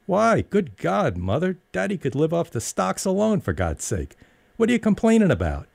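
A man voicing a spoiled, quick-tempered young woman who argues in a sharp, exasperated, whiny way and ends up crying. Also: sits high, wildly swooping pitch, vocal fry, dry recording, voice pushed up, heavily acted.

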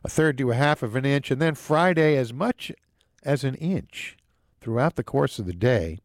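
A man delivers local news, sponsor reads and the weather in a casual, lively host manner, tossing in wry, jokey asides. His voice sits at an ordinary middle pitch, recorded close and dry with no room sound. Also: moderate pace, no echo.

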